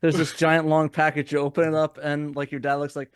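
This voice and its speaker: A man's voice: on the high side, flat delivery, clean tone, no room sound, clean studio sound. A man with an Australian accent, cracking jokes and teasing in casual podcast banter. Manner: joking, teasing, quick banter. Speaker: podcast guest. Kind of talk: casual chat.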